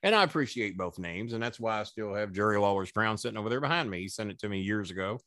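Here the same ex-wrestling manager talks fast in a rather low voice, recorded dry and studio-clean. On the podcast he spins profane, lively anecdotes, playing out what everyone else said.

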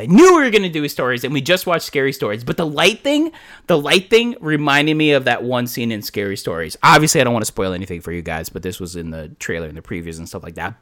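Male podcast co-host, lively bright voice, swears a lot, acts out his reactions. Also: on the high side. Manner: animated, profane, acts out his own reactions. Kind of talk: casual storytelling chat.

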